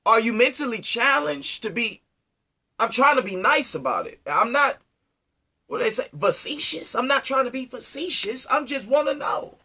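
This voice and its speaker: A man delivering an impassioned, preachy monologue, firing rhetorical questions at his listeners and swinging from loud to low. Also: animated, moderate pace. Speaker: speaker addressing his community.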